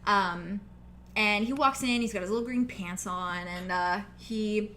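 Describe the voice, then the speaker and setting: Woman game master, casual narration, filler words, bright voice, video call mic, faint hum. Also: medium pitch, unhurried.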